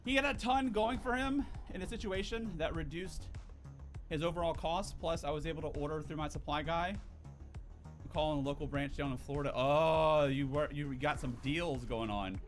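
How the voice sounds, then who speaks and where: High-voiced young guy rambling casually. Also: moderate pace, soft background music. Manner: rambling, laid-back, full of "like" and "dude". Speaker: game streamer. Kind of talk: casual chat while gaming.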